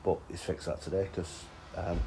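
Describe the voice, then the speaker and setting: Deep-voiced, sweary fishing vlogger. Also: male voice, level tone, normal speed, vocal fry, background noise. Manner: sweary, teasing banter. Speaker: angler and vlog host. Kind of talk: casual chat.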